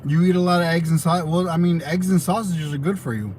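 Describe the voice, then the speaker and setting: On his livestream, a young man from the United States answers viewers' questions in a loose, rambling style full of fillers and false starts. He speaks fairly quickly at a fairly high pitch, with slight background noise.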